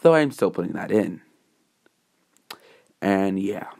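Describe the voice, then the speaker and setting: A man's voice: deep voice, animated, measured pace, vocal fry, a little mellow. Rambling male fan-story narrator. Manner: rambling, with fillers and self-corrections. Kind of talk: casual improvised narration.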